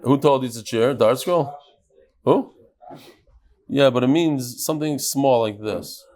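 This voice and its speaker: A man teaching a lively Talmud class and talking straight to his students. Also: mid-range voice, unhurried. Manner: animated, talks to the students. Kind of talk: lively Daf Yomi class.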